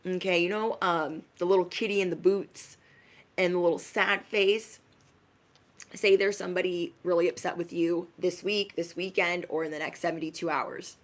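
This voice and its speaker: A woman's voice: on the low side, steady tone, moderate pace. A woman giving a casual spiritual message to her viewers as an intuitive reader, in a chatty, emphatic, slangy way.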